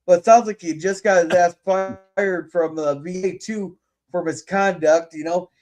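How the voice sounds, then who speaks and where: A man's voice: sits high, steady tone, unhurried, darkish tone, faint music behind. A man hosting a casual podcast, talking bluntly with lots of swearing and stumbling restarts. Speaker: podcast host. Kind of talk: casual opinionated chat.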